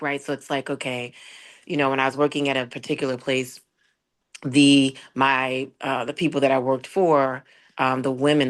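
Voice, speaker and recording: A woman caller with a morning voice, sharing earnestly and haltingly on a group call. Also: a bass voice.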